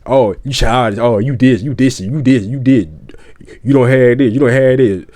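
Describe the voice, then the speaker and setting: A man's voice: medium pitch, normal speed, warm tone, close to an everyday voice. A man mimicking a dismissive teenage girl. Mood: mocking.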